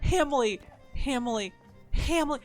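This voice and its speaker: A woman's voice: sits high, expressive, slow pace, soft background music. A woman on a headset mic streaming a game, greeting and thanking her chat between profane, exasperated outbursts. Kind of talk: casual live-stream gaming chat.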